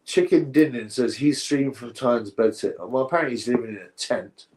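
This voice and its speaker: A man's voice: medium pitch, brisk, darkish tone. A man hosting a live boxing stream, chatting through viewer comments in a rambling, opinionated way and often correcting himself mid-sentence.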